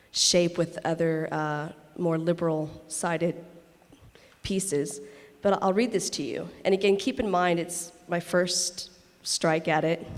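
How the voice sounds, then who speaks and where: A woman from Texas, an actress at a fan convention, reads her journal aloud with hesitant, self-conscious laughs. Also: lowish voice. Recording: reverberant convention hall.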